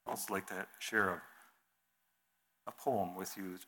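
Earnest man preaching, bright voice. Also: deep voice, measured pace, pauses often. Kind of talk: sermon with scripture reading and illustration.

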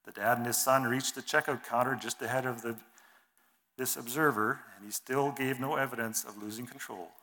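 A man giving a sermon in an earnest, measured way, reading scripture and telling an illustration, his phrases trailing off softly. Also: medium pitch, fairly even intonation. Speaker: preacher.

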